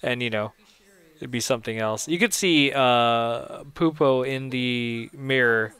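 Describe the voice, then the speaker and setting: A man's voice: mid-range voice, unhurried, a bit bright, smooth, dry recording. Chatty young man rambling through commentary. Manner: rambling, chatty, laughs at his own jokes. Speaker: filmmaker giving audio commentary. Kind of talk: casual audio commentary.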